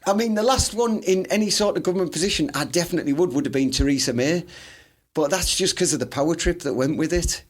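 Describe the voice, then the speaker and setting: High-voiced man. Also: quick pace. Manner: laughing, blunt and rambling. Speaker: podcast co-host. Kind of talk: casual banter.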